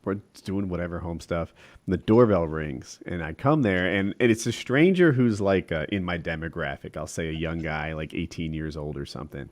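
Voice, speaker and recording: A man's voice: deep voice, moderate pace. A man co-hosting a podcast, telling anecdotes in a jokey way. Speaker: podcast co-host. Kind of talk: casual podcast storytelling.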